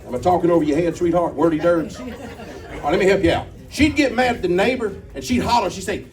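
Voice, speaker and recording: A man's voice: high-pitched, expressive, brisk. Folksy man doing stand-up comedy. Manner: folksy storytelling, crowd banter. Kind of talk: stand-up comedy with sung bits. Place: comedy club stage. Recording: distant mic, live crowd and guitar. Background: audience laughter and guitar.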